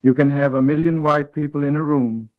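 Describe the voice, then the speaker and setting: A man reading a third-person story aloud in a flat, read-aloud way as a call partner. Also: fairly high pitch, fairly quick. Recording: tinny online call audio.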